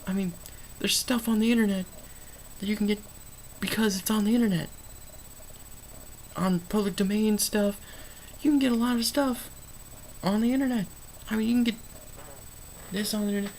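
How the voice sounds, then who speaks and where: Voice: mid-range voice, steady tone, moderate pace, pauses often, a little mellow, slight background noise, low-quality recording. A movie reviewer rambling through an unscripted review in a loose, stream-of-consciousness way, full of fillers and restarts.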